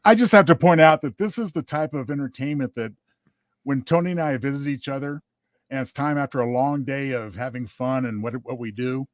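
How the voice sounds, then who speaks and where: A man's voice: medium pitch, fairly quick, dry recording. A man co-hosting with dry teasing humor in casual chat. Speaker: co-host.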